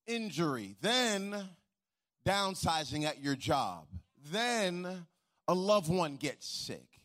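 A man's voice: a little high, big pitch swings, takes it slowly, fairly bright tone. A middle-aged man delivering a sermon. He tells a story with humor and stumbling restarts, then swells into a rhythmic, preacher's cadence. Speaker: pastor.

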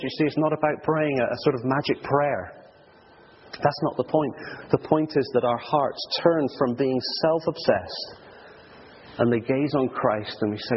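Earnest preacher in a reverberant hall. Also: male voice, medium pitch, moderate pace, a little hiss or hum. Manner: earnest, emphatic, with frequent restarts and stammers. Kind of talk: sermon. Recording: dull lo-fi recording with long hall reverb.

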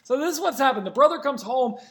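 A man with a strikingly high voice delivers a sermon from the pulpit. He retells the scripture in everyday words and speaks to his congregation in a chatty, informal way. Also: expressive, quick pace, a bit bright. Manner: conversational retelling of scripture with casual paraphrase. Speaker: pastor.

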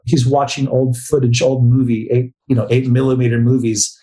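A man's voice: mid-range voice, flat delivery, moderate pace, mellow. A middle-aged man co-hosting a casual book talk, rambling, restarting sentences and reading passages aloud. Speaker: podcast co-host.

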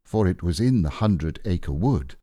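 A man narrating a classic children's storybook aloud in a slow, unhurried, gentle way. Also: deep voice, expressive, breathy edge, no room sound, clean studio sound. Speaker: audiobook reader.

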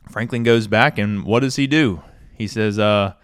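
With a medium-pitched voice that's clear and resonant, a podcast host chats about a classic book at a moderate pace. His relaxed review leans on casual fillers like "you know" and "stuff like that." The sound is dry and of studio quality.

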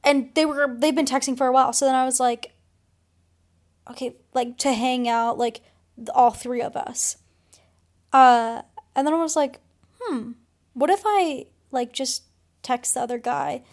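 A woman's voice: high-pitched, fairly even intonation, moderate pace. A young woman co-hosting a podcast, telling a dramatic, gossipy story in casual chat and swearing freely. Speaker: podcast co-host.

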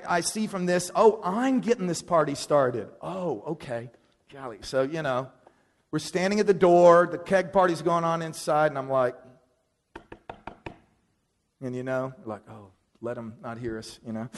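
A man preaching a sermon, telling a story in an animated, self-deprecating way. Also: sits high, long reverb tail. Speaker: pastor.

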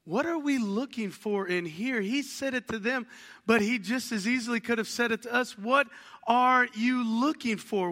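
A man preaching a sermon as a pastor, telling lively stories and acting out little household conversations. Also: very high voice, normal speed, big-room sound. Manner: animated storytelling, acts out household dialogues.

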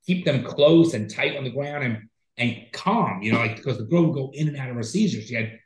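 A man's voice: medium pitch, lively intonation, a little fast, echoey room, rough recording. A man co-hosting a podcast, telling a long story in a rambling, profane, casual way. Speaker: podcast co-host. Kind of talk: casual chat.

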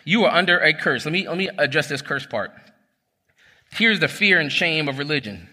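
Pastor preaching, bright, in a reverberant hall. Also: male voice, fairly high pitch, normal speed. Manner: storytelling, animated and conversational, addresses the crowd as y'all. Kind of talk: sermon.

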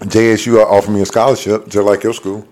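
A man's voice: fairly low pitch, little pitch movement, fast talker, darkish tone. A Southern man around forty from Mississippi, teasing and playful in casual sports banter, often talking over others. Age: 40s.

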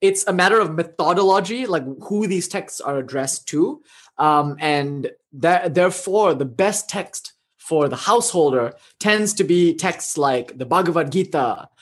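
Laughing, slightly high-voiced male teacher. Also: a little slow. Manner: laughs often, animated storytelling. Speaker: meditation teacher. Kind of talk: casual spiritual talk answering questions.

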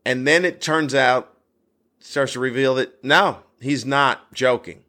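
A man, a stand-up comedian, telling a story about a heckler in a lively, animated way. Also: takes it slowly. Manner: animated, voice jumps high when worked up. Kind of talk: casual anecdote telling.

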